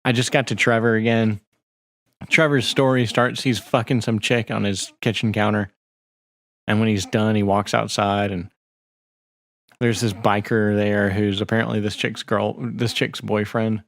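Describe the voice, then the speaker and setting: A man's voice: on the low side, little pitch movement, moderate pace, no room sound. A man co-hosting a podcast in casual chat, rambling and swearing freely while he reads text off a screen. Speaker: podcast co-host.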